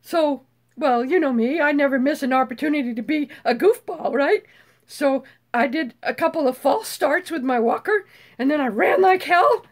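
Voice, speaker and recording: An older woman chatting casually as a channel host, with a high voice that swings widely up and down. She is bubbly, swears freely and breaks into screeches when excited. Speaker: YouTube host. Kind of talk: casual live chat.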